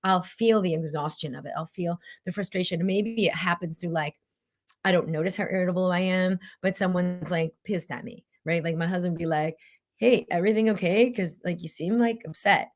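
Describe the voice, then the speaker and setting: A middle-aged woman hosting a casual motivational talk as a mind-body coach, lively and acting out inner voices. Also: brisk. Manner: animated, acts out inner voices in a high pitch.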